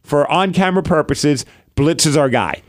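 A man's voice: a little high, normal speed. A man in his thirties co-hosting a sports podcast, chatting casually and acting out funny family moments. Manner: animated, acts out his daughter's lines. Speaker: podcast co-host. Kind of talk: casual chat.

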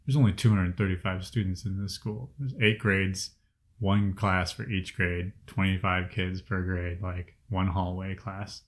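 A man in his thirties from the Chicago area, telling personal stories in a casual group conversation, cursing often and getting louder as he gets angry. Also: deep voice, steady tone, a little slow. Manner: profane, heated storytelling, voice rising when angry. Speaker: guest sharing personal stories.

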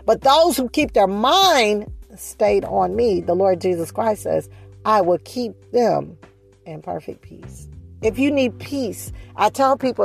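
A woman preaching a sermon, speeding up and slowing down, stressing and repeating her phrases. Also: medium pitch, vocal fry. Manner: preaching with shifting pace, rising emphasis and repeated phrases.

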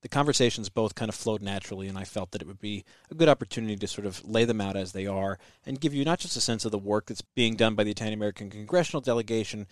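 A man hosting a podcast, giving a measured, explanatory introduction to the episode. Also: on the low side, dry recording, clean studio sound. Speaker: podcast host.

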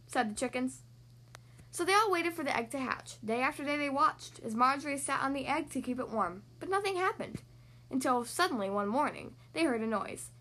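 A young woman hosts a children's story podcast, friendly and expressive. Her voice sits high and sweeps through a wide, animated range as she reads a storybook aloud. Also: normal speed. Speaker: podcast host reading to children.

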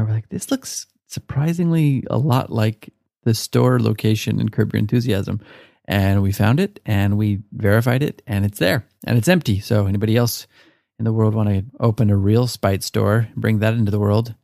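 Male podcast host, lowish gravelly voice, dry close sound, loose chatty delivery with casual swearing. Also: a little mellow, no room sound. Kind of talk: casual solo podcast rant.

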